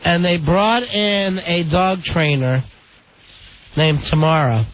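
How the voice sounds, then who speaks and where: A man's voice: sits high, animated, slow pace. A man hosting a radio talk show, chatting casually and telling stories. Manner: chatty, storytelling. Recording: dull lo-fi radio broadcast with faint noise.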